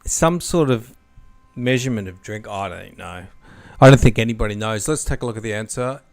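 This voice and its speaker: A man's voice: on the low side, brisk, no echo. A man hosting a casual podcast quiz game, reading clues and joking as he hints at the answers. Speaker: quiz host.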